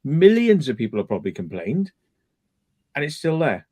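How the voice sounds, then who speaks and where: A man's voice: medium pitch, wildly swooping pitch, normal speed, mellow, husky. A man hosting a casual live chat stream, ranting and swearing freely.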